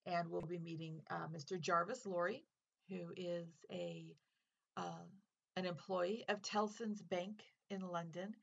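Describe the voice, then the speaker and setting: A woman's voice: on the low side, steady tone, measured pace, vocal fry, husky. Chatty woman teacher, slightly muffled sound. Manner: chatty, earnest, conversational with fillers. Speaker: English teacher hosting a literature podcast. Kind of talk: casual spoken lesson.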